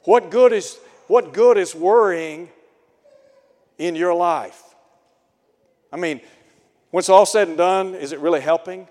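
A male radio preacher who speaks slowly and deliberately, with a voice set a little high for a man. He leans on rhetorical questions as he preaches. A long hall reverb trails behind each phrase. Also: darkish tone. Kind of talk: radio sermon.

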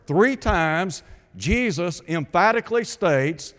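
A man's voice: fairly high pitch, expressive, moderate pace. Preacher man in a reverberant hall. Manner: rhetorical questions, emphatic repetition of scripture. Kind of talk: sermon.

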